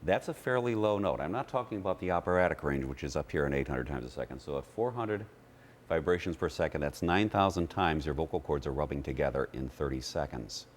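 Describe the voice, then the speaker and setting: A man's voice: extremely low pitch, expressive, brisk, slight background noise. A man who teaches voice, explaining his methods in a TV interview and demonstrating vowels as he talks. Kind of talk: TV interview, explaining with sung demos.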